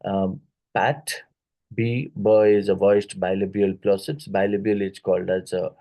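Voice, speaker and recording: A man with an Indian English accent teaching a phonetics lecture for exam prep. He talks haltingly, with many fillers, and repeats words slowly to model how they sound. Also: deep voice, little pitch movement, warm tone, poor audio.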